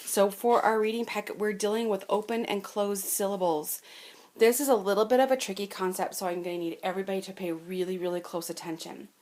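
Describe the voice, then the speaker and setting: A woman's voice: mid-range voice, fairly even intonation, fairly quick, a little mellow. A woman teaching fourth graders a reading lesson from home, explaining patiently in a sing-song way and stretching out sounds. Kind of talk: remote lesson to children.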